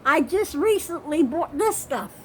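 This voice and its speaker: A woman's voice: sits high, lively intonation, unhurried, noisy background. An older woman filming a walkthrough of her kitchen on her phone, out of breath and insistent, often asking "okay?". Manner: insistent, keeps saying okay. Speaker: vlogger. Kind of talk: home video walkthrough. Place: small home kitchen, indoors.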